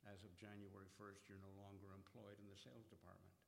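Older man with a gravelly low voice. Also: level tone, fast talker, long reverb tail, a little hiss or hum. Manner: earnest storyteller acting out quoted dialogue. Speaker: speaker giving a personal testimony. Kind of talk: personal testimony storytelling.

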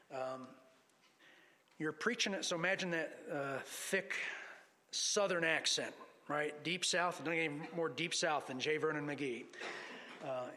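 A man's voice: fairly high pitch, pushed and bright. A man preaching a sermon to a congregation, teaching lessons from scripture and reading passages aloud. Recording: long hall reverb.

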